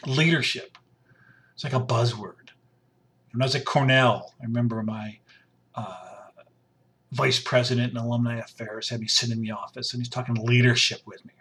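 A middle-aged man in mid pitch talks on his own in casual commentary. He is blunt and rambling. He repeats phrases, restarts sentences and trails into fillers. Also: steady tone, normal speed, fairly bright tone.

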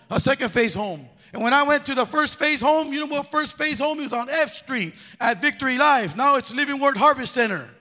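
A man's voice: very high-pitched, pushed and bright. A man preaching a sermon to a congregation, calling for responses and sometimes slipping into a sing-song cadence. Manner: call-and-response exhortation, breaking into sing-song. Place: church hall. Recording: long echo of a big hall.

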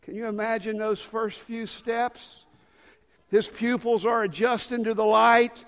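A man in his fifties preaching a sermon, swinging from loud dramatic calls to hushed low lines. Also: flat delivery, unhurried, smooth. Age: 50s. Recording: long hall reverb.

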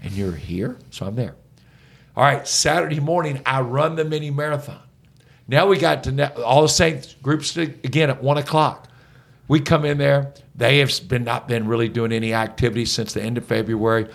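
Gravelly middle-aged coach telling stories. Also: male voice, medium pitch, brisk. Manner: animated, energetic storyteller. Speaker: head basketball coach, podcast guest. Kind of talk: conversational storytelling.

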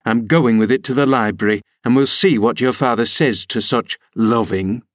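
A man's voice: medium pitch, normal speed, no echo, clean studio sound, lightly acted. A man voicing a stern middle-aged housekeeper who scolds a girl in a scornful tone. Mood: scolding scornful.

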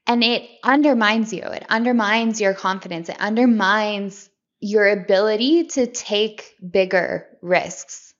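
A woman with a slightly high voice talks through a self-help topic in a relaxed podcast monologue. She speaks in a loose, conversational way, doubling words and restarting sentences as she goes. The recording sounds a little dull and lo-fi.

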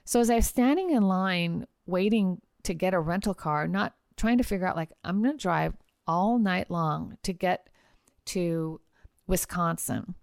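A woman hosting a podcast, telling a personal travel story in a chatty, animated way with casual fillers. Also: on the low side, unhurried, vocal fry, clean tone, no room sound, clean studio sound. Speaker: podcast host and trial lawyer.

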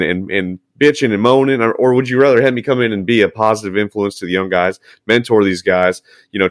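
A man's voice: medium pitch, dry recording, studio quality. A man, a firefighter, talking earnestly and encouragingly in a casual podcast chat, with frequent restarts.

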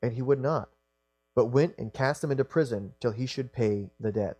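Young male preacher, mid pitch, earnest and halting delivery, dry close sound. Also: a little mellow, no room sound. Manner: earnest, halting with repeated restarts. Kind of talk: sermon.

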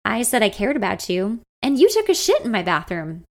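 A woman voicing an easygoing, amused young boyfriend who talks calmly and teases gently. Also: medium pitch, fairly quick. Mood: teasing. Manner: calm, teasing, nonchalant.

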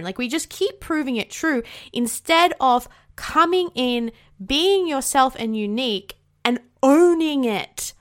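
A woman's voice: high-pitched, fairly bright tone. An Australian woman hosting a casual solo podcast, bubbly and outspoken, swearing freely, with rising inflections at the ends of her sentences. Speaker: podcast host.

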